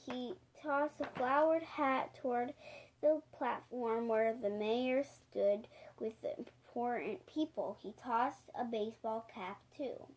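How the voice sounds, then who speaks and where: Slow, high-voiced woman reading a kids' story. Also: a little mellow, a little hiss or hum. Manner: halting, self-correcting reading. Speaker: audiobook reader. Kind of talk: reading a children's storybook aloud.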